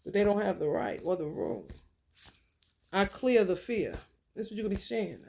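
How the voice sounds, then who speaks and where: Woman vlogger, gravelly voice, blunt and profane, animated spiritual reading with loud outbursts. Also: mid-range voice, moderate pace. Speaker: spiritual content creator. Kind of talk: casual spiritual vlog reading.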